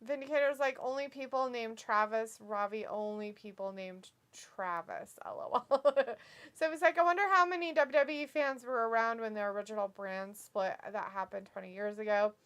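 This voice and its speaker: High, bright-voiced giggly woman streamer. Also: normal speed. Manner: giggly and animated, often laughing and reacting loudly. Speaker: co-host of a wrestling watch-along stream. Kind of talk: casual chat, reading chat comments aloud.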